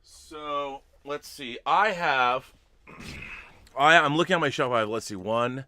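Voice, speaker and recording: A man's voice: medium pitch, slow, bright, forceful tone, no echo. Rambling, stop-start male stream host. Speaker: host of a live-streamed talk show. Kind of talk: casual live-stream chat.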